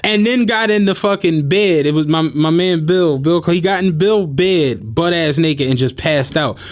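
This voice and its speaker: High-voiced man telling animated stories. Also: normal speed. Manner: animated, laughing, acts out quotes. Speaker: podcast host. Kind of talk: casual storytelling.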